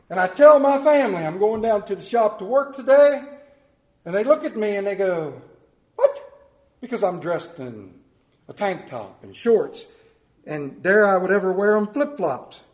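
A man preaching a sermon, telling folksy stories and swinging between loud emphasis and quiet asides. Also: high-pitched, roomy sound. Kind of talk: sermon with anecdotes.

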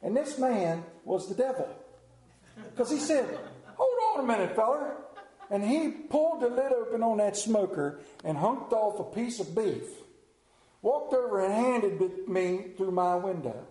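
A man telling a folksy story with a dramatic, drawn-out delivery and slowed emphasis. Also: sits high, animated, mellow. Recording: roomy echo.

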